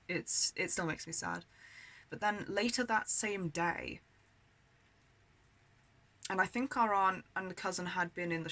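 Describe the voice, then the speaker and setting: A woman's voice: on the low side, gravelly, pushed and bright, poor audio. A British woman telling childhood memories in a candid, aggrieved way, full of swearing and filler words. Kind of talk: personal storytelling monologue.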